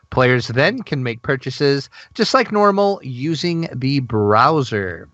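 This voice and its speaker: Excitable guy cohosting a gaming podcast, bright forceful voice, dry lo-fi sound. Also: mid-range voice, slow, hardly any pauses, dry recording. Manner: excitable, gushing, laughs often. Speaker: podcast co-host. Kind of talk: casual gaming news chat.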